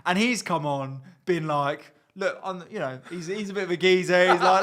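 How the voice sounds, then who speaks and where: Bright, high-voiced young man, laughing. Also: a little fast, hardly any pauses. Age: young adult. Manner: chatty, laughs often, recounts scenes with quoted voices. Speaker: podcast co-host. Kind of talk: casual banter.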